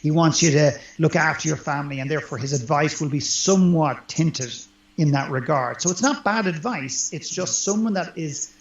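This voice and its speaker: A man with a gravelly, slightly high voice speaks at a normal speed. He's a life coach being interviewed conversationally, earnest and emphatic throughout, and the recording sounds roomy, dull and lo-fi.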